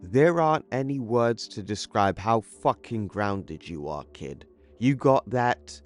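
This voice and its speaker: A furious father yells at his kid, as a man acts him out. The voice sits low, delivered slowly, loud and sharp with anger. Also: expressive, soft background music. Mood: angry. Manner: shouting, angry.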